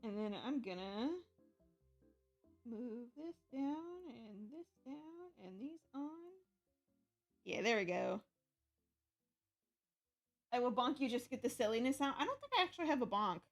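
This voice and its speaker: A woman's voice: on the high side, lively intonation, measured pace, pauses often, soft background music. A woman streamer chatting casually on a live stream, laughing often and using lots of fillers.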